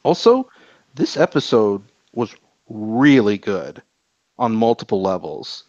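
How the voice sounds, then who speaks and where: A man co-hosting a podcast, chatting casually about anime episodes in an animated, rambling way and swearing freely. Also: lowish voice, slow pace, no room sound. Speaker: podcast co-host. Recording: dull lo-fi podcast audio.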